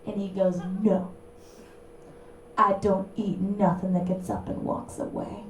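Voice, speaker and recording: A young woman performing a stand-up comedy set in an apartment, with a brassy, punchy delivery and sudden loud bursts. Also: medium pitch, little pitch movement, unhurried, slight background noise. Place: small apartment room with a live audience. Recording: echoey room recorded from far off. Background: audience laughter.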